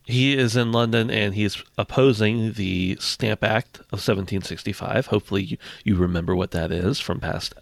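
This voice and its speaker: A man's voice: fairly low pitch, steady tone, moderate pace, creaky, few pauses, dry recording. A man co-hosting a casual history podcast, joking and acting out historical figures in silly voices. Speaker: podcast co-host.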